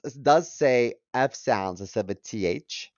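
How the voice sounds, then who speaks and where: Man, 30s, comedy podcast co-host, mid pitch, muffled dry recording. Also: lively intonation, a little slow, a little mellow, no room sound. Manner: chatty, joking, reads out a ranked list. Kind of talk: casual comedic chat. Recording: dull dry mic sound.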